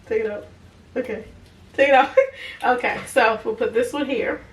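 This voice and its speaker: A woman's voice: fairly high pitch, normal speed. A young adult woman, casually reviewing products on camera and chatting to her viewers. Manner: chatty, talks to viewers as y'all, easy laughs. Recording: echoey room, a bit far from the mic, faint noise.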